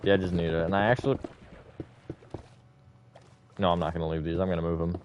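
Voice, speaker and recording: A man's voice: sits low, level tone, fairly quick, a little mellow, slight background noise. A man hosting a live stream, chatting casually with viewers in a rambling, self-correcting way and laughing often.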